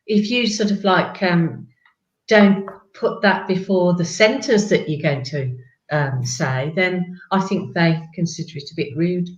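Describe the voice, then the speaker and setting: Unhurried, hesitant woman on an echoey, dull-sounding call. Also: lowish voice. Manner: slow, hesitant, laughs easily.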